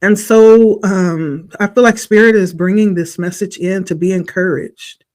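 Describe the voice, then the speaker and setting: A man with a somewhat high voice gives a spiritual tarot reading, his throat a little rough with morning hoarseness. He speaks very slowly, pausing often, with a reflective and encouraging manner. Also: fairly even intonation, a little mellow. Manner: slow, reflective, encouraging delivery. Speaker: tarot reader.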